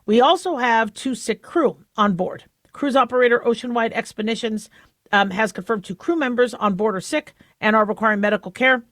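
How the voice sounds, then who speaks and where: A woman's voice: a little high, moderate pace, fairly bright tone, no room sound, studio quality. A woman hosting a talk radio show, explaining medical news in a chatty way with many fillers and restarts.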